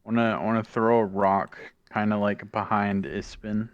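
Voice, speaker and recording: A man playing a tabletop game, playful and asking quick questions. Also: on the low side, little pitch movement, clean tone, no echo, muffled recording. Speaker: player. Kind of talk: casual tabletop game play.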